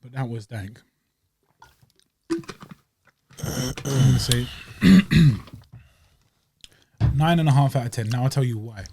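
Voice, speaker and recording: A man's voice: medium pitch, slow pace, long pauses, background noise. Slangy jokey man. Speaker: podcast co-host. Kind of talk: casual chat.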